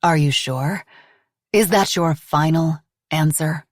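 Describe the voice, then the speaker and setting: A woman reading an audiobook, voicing a cool, relentless woman who levels steady, deliberate accusations. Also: low voice, no echo, studio quality. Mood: taunting.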